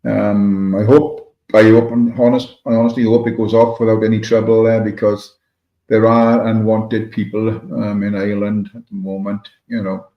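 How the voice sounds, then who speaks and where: A man with a Welsh accent and a fairly low voice, little pitch movement and a moderate pace hosts a livestream, rambling in casual talk and greeting viewers by name from the chat. The sound is dull and lo-fi, with an echoey room.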